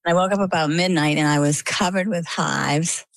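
Low, gravelly older woman telling a story. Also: fairly even intonation, normal speed, dry recording. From coastal Maine. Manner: chatty, vivid retelling with quoted dialogue. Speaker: interview guest. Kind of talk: conversational storytelling.

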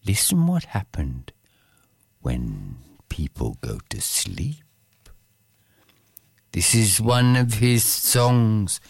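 A man reciting verse slowly and dramatically, sometimes dropping to a whisper. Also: on the low side, smooth, dry recording, clean studio sound. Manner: intense, declamatory, with sudden whispered passages. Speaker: poetry reciter. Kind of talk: slow dramatic poetry recitation.

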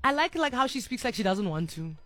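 A woman's voice: fairly high pitch, big pitch swings, quick pace, fairly bright tone, dry recording. A woman co-hosting a radio show, reacting in a bubbly way and laughing often. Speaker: radio co-host. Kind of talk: casual chat.

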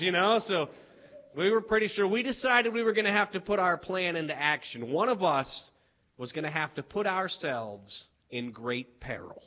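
High-voiced man telling a comic story. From West Virginia. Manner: animated, acts out voices, builds to punchlines. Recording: dull lo-fi recording.

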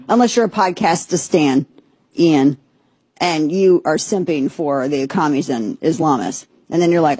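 A woman's voice: deep voice, expressive, moderate pace, mellow, breathy edge, dry recording. Sarcastic chatty woman podcaster. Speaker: podcast host. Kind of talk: opinionated casual commentary.

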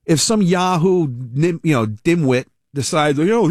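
A man's voice: on the high side, lively intonation, moderate pace, few pauses, darkish tone, no room sound, studio quality. A man hosting a call-in radio talk show, blunt and opinionated.

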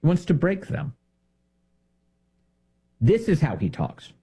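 A man hosting a political commentary show, talking in an indignant, emphatic way with sudden jumps in pitch. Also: sing-song, slow pace, dark tone, husky.

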